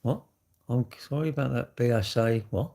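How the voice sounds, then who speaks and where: A man's voice: mid-range voice, normal speed, creaky, warm tone. A man talking in a casual, rambling vlog monologue, full of rhetorical questions. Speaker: vlogger.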